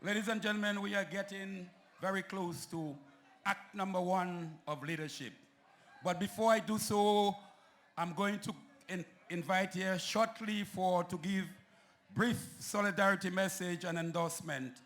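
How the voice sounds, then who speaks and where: A man's voice: high-pitched, normal speed, fairly bright tone. A man acting as master of ceremonies at an outdoor rally, emphatically introducing speakers into a stage microphone. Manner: emphatic, builds up names with flourish.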